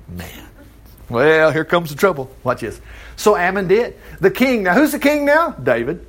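A man's voice: sits high, sing-song, normal speed, a bit bright. A man preaching in a folksy, storytelling way, full of wry asides. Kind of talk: sermon, conversational storytelling.

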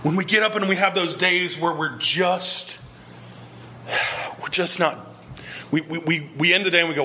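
A man's voice: on the high side, normal speed, pauses often, sharp tone, slight background noise. A male pastor preaching a sermon, earnest and emphatic, pressing his point with repeated rhetorical questions.

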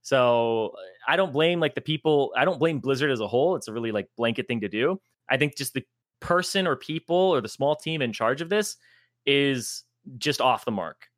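Speaking at a medium pitch and moderate pace, a man who used to commentate esports co-hosts a relaxed gaming podcast. He rants in animated exasperation, curses liberally and laughs at his own jokes, all in clean studio sound without echo.

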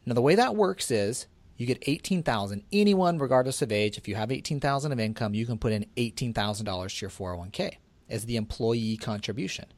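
Steady, explaining radio co-host. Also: male voice, mid-range voice, a little fast, no room sound. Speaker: co-host of a tax and legal radio show. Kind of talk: casual radio talk.

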